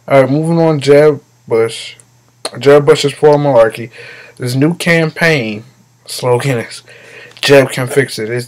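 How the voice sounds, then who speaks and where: A man's voice: mid-range voice, low-quality recording. A man hosting a comedic commentary monologue, blunt and mocking, cursing freely as he rants. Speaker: host.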